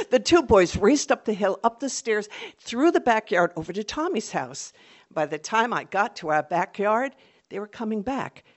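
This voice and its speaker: A woman telling a personal story on stage, vivid and dramatic. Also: medium pitch.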